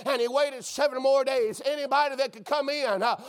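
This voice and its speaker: A man preaching a fervent sermon, breaking into shouts and calling out to his listeners as dear friend. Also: extremely high pitch, fairly even intonation, brisk.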